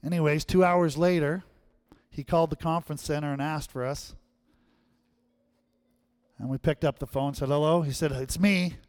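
A man's voice: on the high side, flat delivery, normal speed, long pauses, a little mellow, dry recording, clean studio sound. A male pastor giving a sermon in a conversational way, often checking in with the audience. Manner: conversational, keeps asking the audience "right?".

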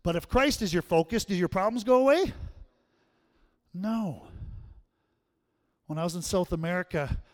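A middle-aged man preaching a sermon as pastor, swinging from hushed tones to loud, emphatic calls. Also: sits high, animated, normal speed, pauses often. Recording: long hall reverb.

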